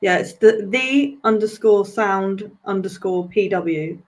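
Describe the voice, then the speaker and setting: A woman's voice: mid-range voice, slow. A British woman talking as a podcast guest in a casual, chatty and self-deprecating way. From Britain. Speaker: podcast guest, wrestling manager. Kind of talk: casual chat.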